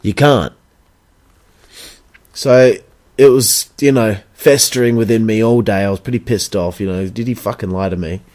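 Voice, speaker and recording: A young Australian man with a fairly low voice tells a story on his podcast in a blunt, casual way. He swears freely and acts out both sides of past conversations. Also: moderate pace, pauses often, darkish tone. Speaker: podcast host and backyard wrestler.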